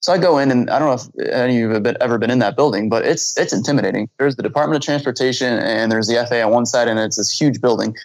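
Gravelly-voiced man telling a story. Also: medium pitch, rapid-fire, hardly any pauses, no echo, poor audio. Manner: animated, acts out dialogue in his story; frequent restarts and repeated words. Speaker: guest, flight instructor. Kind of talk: casual storytelling in conversation.

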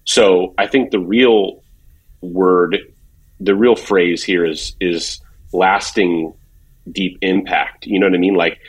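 Husky man telling rambling stories. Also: deep voice, fairly even intonation, slow pace. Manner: rambling storyteller, many fillers and restarts. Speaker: former drum company worker telling stories. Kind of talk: casual podcast chat.

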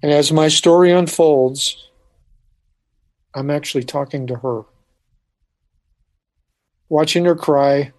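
A man telling a personal story in conversation, halting with frequent restarts and dropping quiet at moments. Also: on the high side, steady tone. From United States. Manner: halting, restarts often, quiet when recalling. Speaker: speaker telling his life story.

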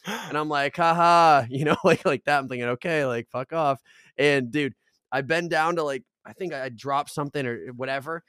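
Young male podcast co-host, lively storyteller, dry close sound, mid-pitched. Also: moderate pace, clean tone, no echo. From Arizona, United States. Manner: animated, swears a lot, acts out voices in his stories. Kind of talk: casual storytelling chat.

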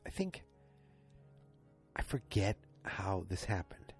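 Late at night, a tired, yawning podcast host recaps a TV episode in a low voice that swings widely in pitch, taking his time over faint background music. He rambles casually and keeps stopping to correct himself.

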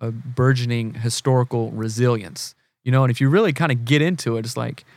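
A man's voice: mid-range voice, steady tone, brisk, no room sound. Southern guy on a podcast, explaining stuff with examples, lots of ums, dry mic. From American South. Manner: earnest, explains with examples, many fillers and restarts. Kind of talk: casual conversation.

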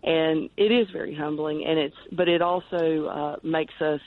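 A woman's voice: low voice, fairly even intonation, moderate pace. Earnest woman on a tinny phone line. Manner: earnest, rambling with many restarts. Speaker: guest, cancer charity director. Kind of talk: podcast interview over the phone.

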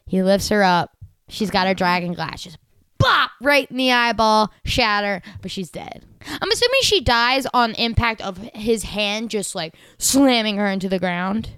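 Young female co-host, excitable recapper, smooth tone, dry close sound. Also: mid-range voice, measured pace, no echo. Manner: gushing, animated, lots of "like" fillers. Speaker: podcast co-host. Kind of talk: casual recap chat.

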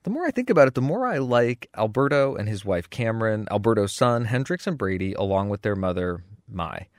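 Measured man podcast co-host, dry sound. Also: on the low side, sing-song, no echo. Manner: earnest and measured, reads listener letters aloud. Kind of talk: casual etiquette advice chat.

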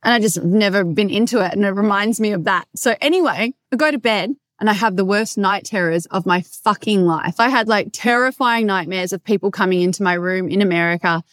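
Brief: Australian woman, podcast host, loud and brash, heavy swearing, lively storyteller, close dry sound. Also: medium pitch, a little fast, hardly any pauses, dry recording. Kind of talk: casual solo podcast monologue.

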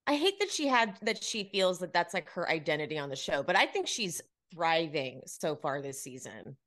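A woman co-hosting a casual gossip chat, chatty and quick to agree. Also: low voice, very animated, fairly bright tone. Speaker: podcast co-host.

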